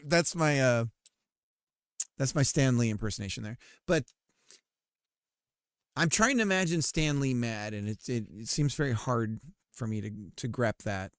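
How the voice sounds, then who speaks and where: Dude streaming his gamedev, rambly and sweary, normal pitch, dry close desk mic. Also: unhurried, long pauses, smooth, no room sound. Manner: rambling and self-deprecating, swears often, many fillers. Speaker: game developer streamer. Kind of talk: casual live-stream chat while working.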